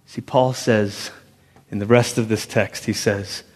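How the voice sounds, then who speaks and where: A man preaching a sermon as pastor, swinging between loud emphatic lines and hushed ones. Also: on the low side, fairly even intonation, measured pace, husky. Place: church sanctuary. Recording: long reverb of a large hall.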